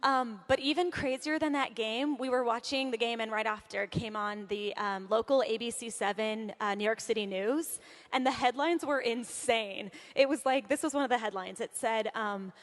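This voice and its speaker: A woman's voice: fairly high pitch, normal speed. A young woman from Southern California giving a chatty, upbeat talk on stage, laughing often. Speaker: conference speaker. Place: large hall on stage. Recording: long hall reverb.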